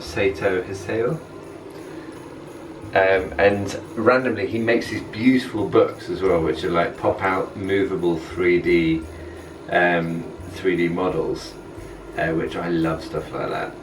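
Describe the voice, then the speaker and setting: A man's voice: deep voice, steady tone, measured pace, far from the mic, music in the background, poor audio. A man chatting casually and playfully in a home vlog, reading a riddle aloud. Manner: playful, reads a clue aloud. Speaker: vlog co-host. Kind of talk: casual chat.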